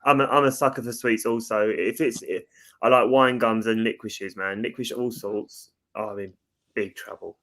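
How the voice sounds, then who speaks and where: A man's voice: lowish voice, steady tone, normal speed, a bit bright. An English man co-hosting a podcast, laid-back and wry in casual chat. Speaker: podcast co-host.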